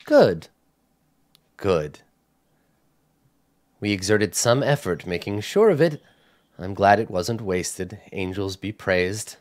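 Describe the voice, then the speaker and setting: A cold, stern holy sister jailer, played by a man speaks in a low, hushed voice. Every word comes slow and formal, with chilly authority. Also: expressive, no echo, studio quality.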